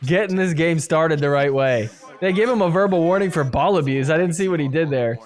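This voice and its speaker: A man with a slightly higher voice talks through match replays in casual play-by-play commentary. He stays relaxed between points, then his voice jumps up when a rally gets wild. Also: fairly quick. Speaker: podcast host recapping matches. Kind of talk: play-by-play video recap commentary.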